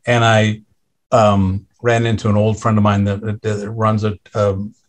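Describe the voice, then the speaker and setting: A middle-aged man, a podcast guest, telling a personal story in a candid, conversational way, halting often with restarts and fillers and acting out what others said. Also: on the low side, level tone. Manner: acts out others' lines in quoted voices.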